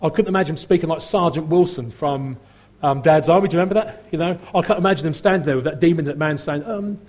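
Husky, mellow-voiced male preacher. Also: fairly high pitch, fast. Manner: conversational, asks the congregation questions. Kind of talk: sermon. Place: church service with congregation.

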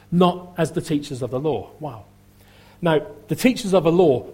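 A man preaching a sermon in a conversational way and asking his listeners direct questions. His voice sits a touch high for a man, with a husky, mellow warmth. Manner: conversational, asks the congregation questions. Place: church service with congregation.

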